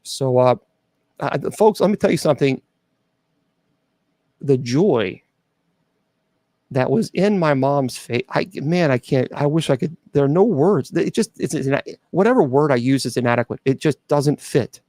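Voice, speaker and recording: A man's voice: medium pitch, lively intonation, mellow, no echo. Earnest middle-aged man, dry close sound. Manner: earnest, halting with restarts and fillers. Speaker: host. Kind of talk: personal testimony to an audience.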